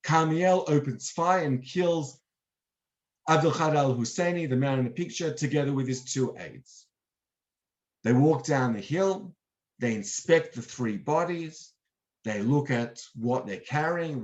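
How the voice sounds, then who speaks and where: A man guiding an online history lecture, telling events as a lively story and acting out the quotes. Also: medium pitch, dull audio. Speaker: tour guide and lecturer. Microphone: online video talk.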